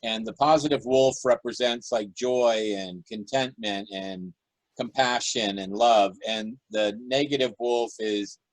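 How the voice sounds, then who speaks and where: A man on a video call calmly retelling a parable in a group discussion. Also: on the low side, unhurried, no room sound, rough recording. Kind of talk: casual online worship discussion.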